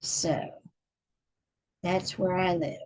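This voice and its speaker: A woman's voice: on the low side, fairly even intonation, drawn-out words, a little mellow, low-quality recording. A middle-aged woman from Texas hosting a casual live stream, chatting with viewers and counting stitches aloud as she crochets. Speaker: channel host reading books.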